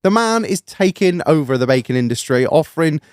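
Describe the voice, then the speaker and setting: A man telling an embarrassing story on a podcast in a sweary, laughing, animated way. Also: fairly high pitch, brisk, smooth, dry recording, studio quality. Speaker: podcast co-host. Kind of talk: casual storytelling chat.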